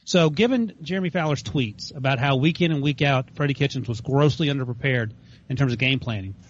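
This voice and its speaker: A man's voice: medium pitch, a little fast. Opinionated male podcast host, lo-fi. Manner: emphatic, opinionated. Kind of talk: casual sports podcast chat. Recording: lo-fi remote audio.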